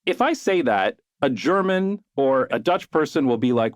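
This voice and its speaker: Podcast host guy, super lively up and down voice, casual, swears a lot, dry sound. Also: medium pitch, normal speed, no room sound. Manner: animated, casual, swears, mimics people for effect. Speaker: podcast host and video creator. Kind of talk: conversational podcast interview.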